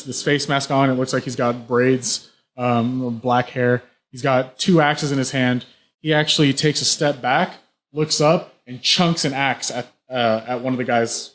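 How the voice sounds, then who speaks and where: A man running a tabletop game as game master, describing the action vividly with frequent restarts. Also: mid-range voice.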